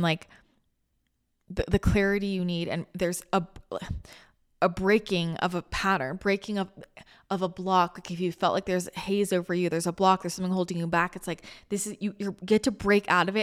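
A woman's voice: fairly low pitch, fairly even intonation, moderate pace. Female host, casual rambling spiritual talk, emotional edge. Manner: chatty, rambling, with frequent restarts. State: emotional, near tears. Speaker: spiritual channel and podcast host.

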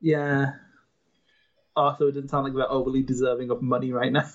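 A man's voice: medium pitch, little pitch movement, fairly quick, muffled recording. A man co-hosting a casual watchalong podcast, chatty and knowledgeable, laughing often. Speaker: podcast co-host.

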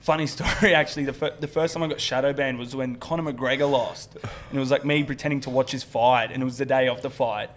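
A young Australian man, a guest comedian, telling dark stories on a podcast in a casual way, swearing freely and laughing as he goes. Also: mid-range voice, fairly even intonation, fast talker, a little hiss or hum. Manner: swears freely, laughs through his stories, quotes people in put-on voices.

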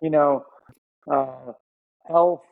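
A man's voice: fairly high pitch, steady tone, drawn-out words, narrow, tinny audio. A young man on a casual podcast who teases his co-host in a wry, dry way. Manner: wry and teasing. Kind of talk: casual chat.

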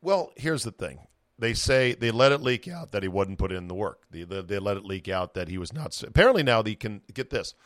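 A man's voice: lowish voice, expressive, brisk, fairly bright tone, no room sound, clean studio sound. A man hosting a podcast, chatting about sports in a profane, opinionated way and acting out what players might say. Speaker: podcast host. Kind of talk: casual sports chat.

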